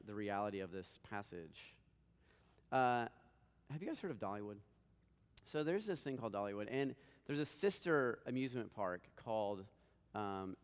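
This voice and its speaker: A man in his thirties giving an earnest, conversational sermon as a pastor, swelling with emphasis and dropping to quiet asides. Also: fairly low pitch. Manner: earnest, conversational preaching with dynamic swells and soft drops. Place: church sanctuary. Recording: long hall reverb.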